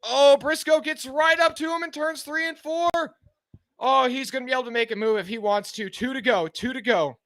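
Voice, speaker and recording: A man live-streaming a car race, giving excited, anxious fan play-by-play and pleading with the drivers, sounding out of breath. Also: extremely high pitch, fairly quick, dry recording, studio quality.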